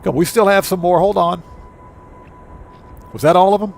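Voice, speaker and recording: A man's voice: high voice, normal speed, gravelly, faint music behind. Brash, trash-talking male game streamer. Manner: brash trash talk to rival players; energetic shout-outs greeting chat members. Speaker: livestream host. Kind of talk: live gameplay commentary.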